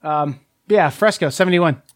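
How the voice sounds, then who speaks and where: A man's voice: fairly high pitch, normal speed, dry recording, studio quality. A man co-hosting a casual board game talk, rambling with lots of fillers and restarts. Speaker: podcast co-host. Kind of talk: casual chat.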